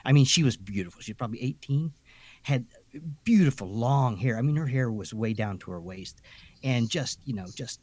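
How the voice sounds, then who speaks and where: A husky-voiced man spins a ghost story for his podcast co-hosts. He wanders through it with a lot of asides and restarts, and his pitch swings widely as he goes. His voice sits in an ordinary middle range. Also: normal speed, no echo. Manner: rambling, full of "you know" and restarts; chatty, animated storytelling. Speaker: podcast co-host. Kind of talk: telling a ghost story, casual.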